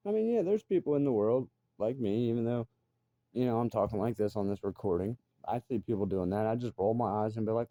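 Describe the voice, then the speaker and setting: A man's voice: lowish voice, expressive, brisk, warm tone, no echo. A middle-aged man ranting bluntly and profanely in a casual monologue. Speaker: vlogger.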